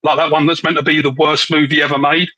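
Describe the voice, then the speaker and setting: A man's voice: fairly high pitch, flat delivery, quick pace, sharp tone, no echo, rough recording. A man with an English accent chatting on a live stream, joking and rambling with lots of "like". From England. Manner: joking, rambling, says "like" often. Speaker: livestream co-host. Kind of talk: casual live chat.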